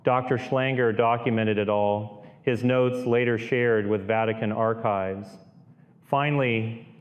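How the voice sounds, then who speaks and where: A man narrating a true-crime style horror audiobook in a steady, grave storytelling voice. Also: medium pitch, a little slow, highs cut off.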